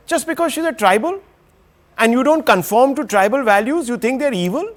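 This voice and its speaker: A man's voice: very high voice, expressive, a little fast. A man moderating a televised news debate, pressing guests with rhetorical questions.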